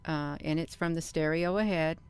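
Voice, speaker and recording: A woman's voice: sits low, fairly even intonation, normal speed, clear, resonant tone. A woman hosting her own channel in a casual vlog monologue, talking earnestly and folksily and repeating herself often. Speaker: channel host.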